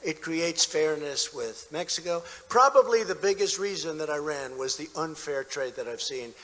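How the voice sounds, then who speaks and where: A political candidate at a rally speaks at normal speed in a slightly high, somewhat bright, expressive voice. The speech is repetitive and boastful with mocking asides, and the large indoor arena echoes with a cheering crowd.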